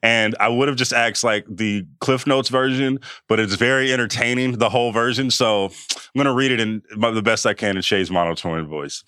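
A man's voice: medium pitch, a little fast, pushed and bright, clean tone, no echo, studio quality. A man hosting a podcast interview in casual chat, joking and teasing his guest playfully. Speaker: podcast host.

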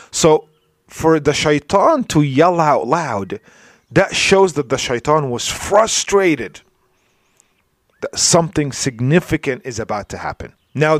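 A male Islamic preacher giving a conversational religious lecture, often asking "right?" and filling pauses with "you know" and restarts. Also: mid-range voice, no room sound, clean studio sound. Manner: informal, checks in with "right?" and "you know", many fillers and restarts.

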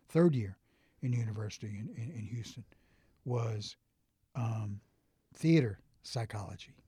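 A middle-aged man in casual conversation, telling stories with lively restarts and acted-out quotes. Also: medium pitch, slightly rough, no room sound, studio quality. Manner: animated storyteller, frequent restarts and acted quotes. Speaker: interview guest.

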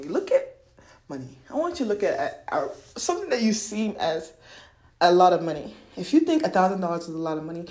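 A lively woman podcast host talks about money and spirit in a loose, slangy, profane way, her pitch swinging widely as she laughs and acts out little voices. Her voice rings in a roomy, echoey space. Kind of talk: casual spiritual money talk.

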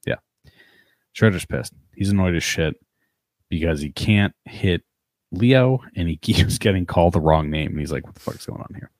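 A man with an extremely deep, low voice recaps an episode in easygoing podcast chat. He curses offhandedly and tells the story in a loose, rambling way. The sound is dry and close, with no room around it. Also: normal speed, a little mellow, no room sound. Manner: swears freely, narrates the plot loosely. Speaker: podcast co-host.

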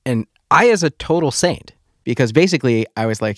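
A man's voice: mid-range voice, lively intonation, normal speed, a bit bright, no room sound, clean studio sound. A young man hosting a podcast, talking in a hesitant, self-deprecating way with frequent restarts. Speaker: podcast host. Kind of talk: casual chat and taped phone calls.

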